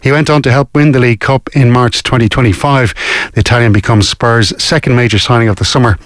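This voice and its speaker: A man reading a scripted radio sports bulletin in a brisk, measured way. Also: mid-range voice, steady tone, dry recording, clean studio sound. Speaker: newsreader.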